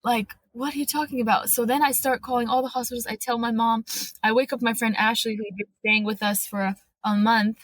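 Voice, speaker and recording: A woman's voice: on the high side, flat delivery, a little fast, no room sound. A woman, a podcast guest and widow telling her story earnestly and acting out what people said. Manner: earnest, tells events by acting out quotes. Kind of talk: emotional personal interview.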